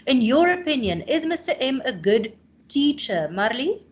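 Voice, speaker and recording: South African woman teacher, fairly high voice. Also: sing-song, normal speed, muffled recording. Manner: explains patiently, calls on students by name, tags questions with "hey?". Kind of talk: classroom revision lesson.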